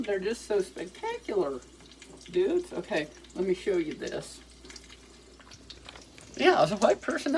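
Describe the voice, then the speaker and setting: A woman's voice: low voice, a little mellow, slight background noise, rough recording. An older woman vlogging from her home kitchen while she cooks. She rambles candidly and swears a lot. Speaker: cooking vlogger. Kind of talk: casual rambling monologue while cooking. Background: sizzling frying pan.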